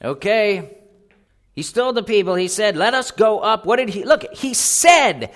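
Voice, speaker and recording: A middle-aged man preaching a sermon in an animated, joking way, acting out little voices as he reads and retells scripture. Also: high voice, measured pace.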